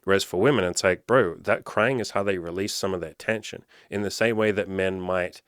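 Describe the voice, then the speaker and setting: A young man with a fairly low voice talks through relationship lessons in a loose, casual monologue. He is blunt, swears freely and leans on "like" constantly. The sound is close and dry, with no room around it. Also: fairly quick, fairly bright tone, smooth, dry recording. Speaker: coach.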